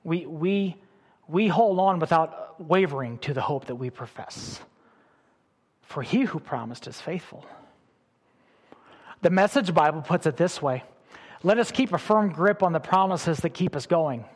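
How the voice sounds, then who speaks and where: Middle-aged guy preaching, kinda high voice, gets loud then real soft, big church echo. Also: measured pace, pauses often. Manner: animated preaching with sudden loud bursts and soft drops. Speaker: pastor. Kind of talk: sermon.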